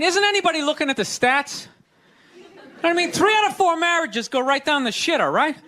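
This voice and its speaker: A man doing a stand-up comedy routine, ranting in an exasperated way and breaking into mocking voices. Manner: ranting, exasperated, jumps into high mocking voices for quoted people. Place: comedy stage before a laughing audience. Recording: live stage mic with crowd laughter and noise.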